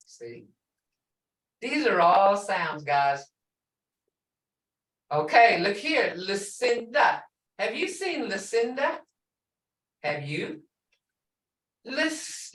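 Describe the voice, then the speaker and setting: An older woman teaching a language class, sounding out words slowly and syllable by syllable. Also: medium pitch, big pitch swings, fairly bright tone. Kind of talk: slow language lesson with repeated words. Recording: echoey room, a bit distant from the mic, faint background noise.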